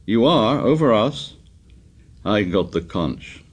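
A man voicing an anxious, stubborn schoolboy who speaks in a shrill, insistent, pleading way. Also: sing-song, slow, breathy edge, full character voice.

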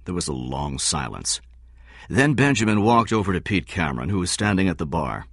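A man narrating a story as an audiobook, measured and expressive. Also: sits low, dry recording, studio quality. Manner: measured, expressive reading with voiced dialogue.

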